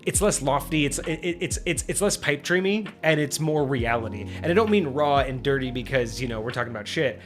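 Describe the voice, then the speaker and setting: Man host, mid pitch, loose rambling delivery full of "like" fillers, chill music under him. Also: expressive, a little fast, hardly any pauses. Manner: rambling, heavy use of "like" and restarts. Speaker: host of a tabletop gaming stream. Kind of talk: casual livestream chat.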